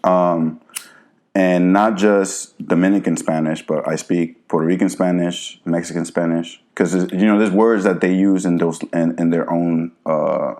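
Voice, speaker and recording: A man from New Jersey, a guest on a podcast, talking in a relaxed, laid-back way with lots of "you know". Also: low-pitched, unhurried. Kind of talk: casual interview chat.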